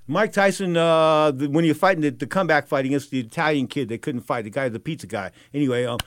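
A man's voice: on the high side, fast, noisy background. A man telling rambling, casual anecdotes, often circling back with "bottom line is" and throwing in asides. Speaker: storyteller.

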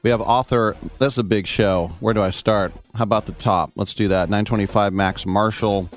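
A man hosts a live sports radio show in a lowish voice, full of jokes and quick asides. Faint music plays under his talk. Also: fairly even intonation. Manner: jokey, exuberant, quick asides. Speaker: host.

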